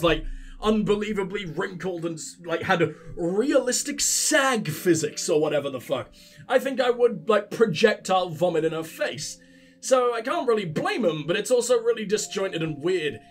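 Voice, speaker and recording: Sick, crude, high-voiced man narrating gameplay, faint music. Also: lively intonation, normal speed. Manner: crude, joking, heavy swearing. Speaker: let's play host. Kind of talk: gameplay commentary.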